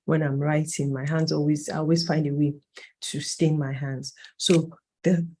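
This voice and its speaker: Speaking at normal speed in a level, dark, mid-range voice, with a little hiss or hum in the audio, a late-thirties workshop facilitator lectures a training cohort. The delivery is conversational, emphasizing key points and including mid-sentence self-corrections.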